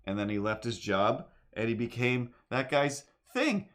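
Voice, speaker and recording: A man's voice: mid-range voice, very animated, measured pace, fairly bright tone. A man chatting casually on a home stream while he draws, rambling from one thing to the next, breaking into sung bits and talking to his cat. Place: home apartment.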